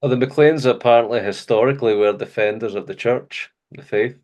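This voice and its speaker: A man's voice: medium pitch, brisk, darkish tone. A middle-aged Scottish man hosting a faith interview, talking earnestly and laughing easily. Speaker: host. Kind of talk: casual faith interview chat.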